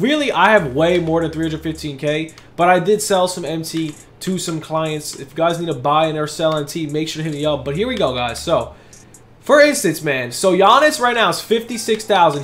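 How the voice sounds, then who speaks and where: Hyped young man talking fast over gameplay. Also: on the high side, fairly bright tone. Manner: fast, hyped, repeats words while talking. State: out of breath. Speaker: gaming YouTuber. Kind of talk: casual gameplay commentary.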